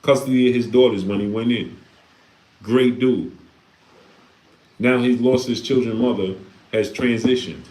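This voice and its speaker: A man's voice: medium pitch, steady tone, measured pace, long pauses, darkish tone. A man hosting a livestream, talking casually and preaching with repeated rhetorical questions. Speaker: live stream host reading Super Chats. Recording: echoey room.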